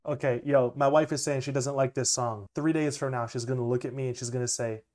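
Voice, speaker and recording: A young man, a music producer, chatting casually and excitedly as he reacts to an album, laughing often. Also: mid-range voice, brisk. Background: music playing faintly.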